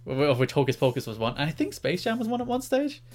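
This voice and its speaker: A man's voice: fairly high pitch, sing-song, fast, a little mellow. A man with an Irish accent co-hosting a podcast in casual chat, rambling and restarting his sentences often. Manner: rambling, repeats words and restarts often, laughs easily. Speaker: podcast co-host.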